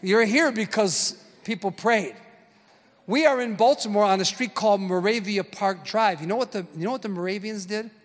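A man's voice: high voice, moderate pace, in a large hall. A man in his sixties preaching a sermon, telling stories and drawing call-and-response from the crowd. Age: 60s. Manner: storytelling, punchy call-and-response.

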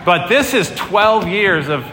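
A man's voice: high-pitched, lively intonation, takes it slowly, bright, forceful tone. Earnest preaching man in echoey hall. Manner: conversational, earnest, many fillers. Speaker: pastor. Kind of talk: sermon. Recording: echoey hall, long reverb, faint room noise.

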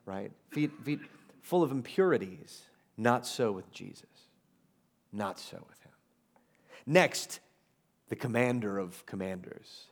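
A man's voice: medium pitch, a little mellow. A pastor preaching a sermon to his congregation, conversational and emphatic, with asides and humor.

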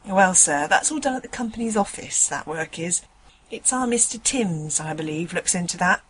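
A woman's voice: lowish voice, expressive, moderate pace, fairly bright tone, a little hiss or hum. A woman voicing a chatty, indignant male tram conductor, rambling in folksy dialect. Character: chatty working-class male tram conductor, middle-aged.

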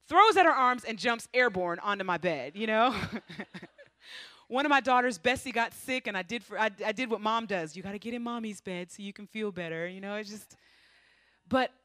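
A woman from the United States giving a missionary testimony, telling her story with lively, playful asides. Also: medium pitch, moderate pace, no room sound. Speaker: missionary speaker. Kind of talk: testimony to a congregation.

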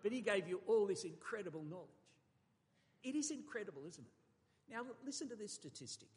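A man gives a sermon from the pulpit. His voice sits high and he leans hard on key words, then drops away quietly. The sound carries the long reverb of a church hall. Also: animated, fast talker. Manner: emphatic, varies volume for effect, occasional stumbles. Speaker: pastor.

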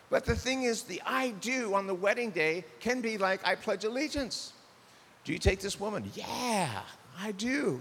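A man's voice: high voice, fairly bright tone. An older man preaching a sermon as pastor, animatedly acting out little dialogues in shifting voices. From United States. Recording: long hall reverb with faint hiss.

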